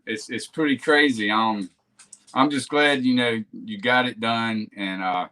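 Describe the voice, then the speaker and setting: A man hosting a casual live interview stream, with a middle-pitched, everyday voice. He talks in a loose, friendly way, often restarting and repeating words mid-thought. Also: unhurried, sharp tone. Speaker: host.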